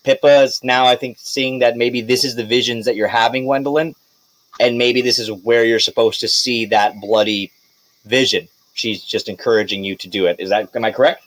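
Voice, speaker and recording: A man's voice: medium pitch, steady tone, normal speed, a bit bright, low-quality recording. A man in a mid-range voice runs a tabletop game. He talks casually and hesitantly, trips over numbers and swears now and then. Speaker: game master.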